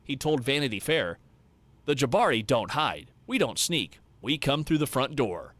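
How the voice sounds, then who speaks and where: A man giving scripted narration of movie trivia in a brisk, reading style. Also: medium pitch, sing-song, a bit bright, no echo.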